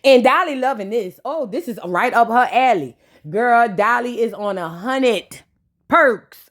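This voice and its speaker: A high-voiced woman recapping a reality show in a casual, sassy gossip style. She talks straight to her viewers with lots of slang and teasing asides. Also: moderate pace, a bit bright. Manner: chatty, sassy, slang-heavy commentary.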